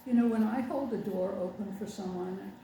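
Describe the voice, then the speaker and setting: A woman's voice: mid-range voice, moderate pace, mellow. An older woman minister giving a chatty, wry sermon with sarcastic asides. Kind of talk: conversational sermon. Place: congregation meeting room. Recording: echoey room from far off with faint background noise.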